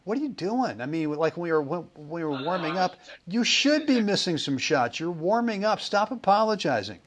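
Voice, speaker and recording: A man hosting a casual podcast, telling stories in a chatty way with repeated words and animated quotes. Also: a little high, normal speed. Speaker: podcast host.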